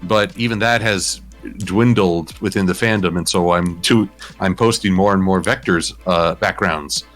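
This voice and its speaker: A man being interviewed about his art, speaking in a measured, thoughtful way with frequent pauses. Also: deep voice, fairly bright tone, soft background music. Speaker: interview guest, digital artist. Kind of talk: casual chat interview.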